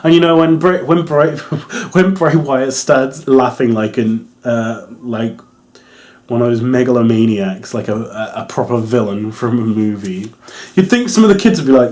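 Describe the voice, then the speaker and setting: Male reviewer, casual and hesitant, mid-pitched, bursts into excited joking. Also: takes it slowly, pauses often. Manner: rambling, hesitant, many fillers and restarts; gets excited and loud when joking. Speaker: wrestling reviewer.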